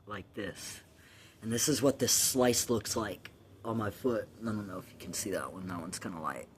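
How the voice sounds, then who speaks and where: A man with a husky, medium-pitched voice tells a long, loose story about his childhood. He swears freely and laughs at his own telling.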